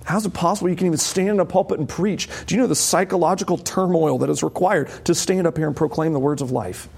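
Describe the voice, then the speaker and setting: A man's voice: fairly high pitch, fast talker, creaky, darkish tone, slightly rough. A man preaching a sermon as a pastor, conversational and emphatic, asking the congregation rhetorical questions. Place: church.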